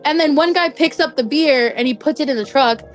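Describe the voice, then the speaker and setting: High-voiced young woman telling a story. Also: a little fast, faint music behind. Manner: chatty, full of "like" fillers. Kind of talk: casual spoken anecdote.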